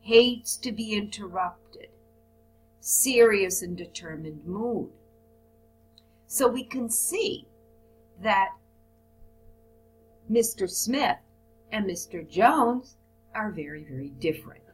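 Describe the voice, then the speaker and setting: A woman's voice: mid-range voice, expressive, takes it slowly, long pauses, faint music behind, rough recording. A woman teaching a recorded business English lesson, reading example phrases aloud and then explaining them. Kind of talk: recorded lesson on report writing.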